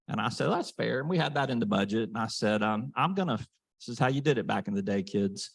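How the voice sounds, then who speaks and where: A man's voice: mid-range voice, moderate pace, gravelly, dry recording. Guy spinning a folksy story, fillers everywhere, dry close sound. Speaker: panel moderator. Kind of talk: casual anecdote and moderating. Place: meeting room.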